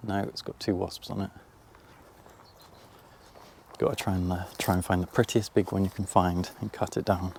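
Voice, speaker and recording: A man's voice: low voice, flat delivery, normal speed, creaky, long pauses, a little mellow. A man talking casually to the viewer while walking outdoors, chatty and self-mocking, filming on a handheld camera. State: out of breath while climbing. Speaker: vlogger. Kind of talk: casual vlog walk-and-talk. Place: outdoors, farm fields and coastal path. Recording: faint outdoor noise.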